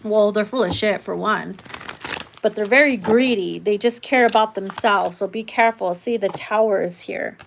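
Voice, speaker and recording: A woman's voice: mid-range voice, moderate pace, creaky, slight background noise. A woman giving a casual live tarot reading, talking bluntly and swearing freely. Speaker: tarot reader.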